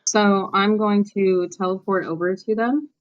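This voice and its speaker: A woman playing a tabletop game, calm and matter-of-fact. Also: medium pitch, a little slow, no room sound, dull audio. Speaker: player.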